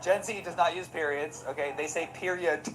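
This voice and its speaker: A man's voice: fairly high pitch, fairly quick, heavy background noise. A man giving sarcastic commentary and reading text messages aloud, laughing between lines. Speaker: online commentator.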